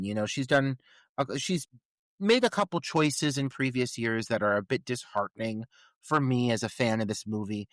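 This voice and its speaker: A man's voice: medium pitch, a bit bright, dry recording. A man co-hosting a movie podcast, talking casually and rambling with lots of fillers and restarts. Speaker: podcast co-host. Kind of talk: casual movie review chat.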